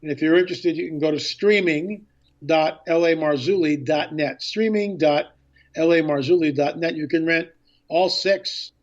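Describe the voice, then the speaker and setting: A man guesting on a radio interview as an author and filmmaker, telling a story with excitement and acting out past conversations. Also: fairly high pitch, normal speed, lo-fi sound.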